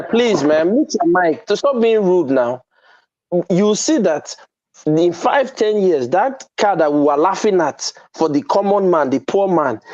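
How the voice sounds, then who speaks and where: A man's voice: a little high, darkish tone. A man, hosting a heated panel debate, emphatic and provocative, sometimes slipping into pidgin. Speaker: host. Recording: dull lo-fi sound.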